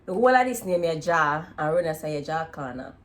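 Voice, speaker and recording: A woman with a Jamaican accent hosting a casual video chat, relaxed and laughing often as she slips into patois. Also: deep voice, brisk. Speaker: vlog host. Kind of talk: casual chat comparing dialects.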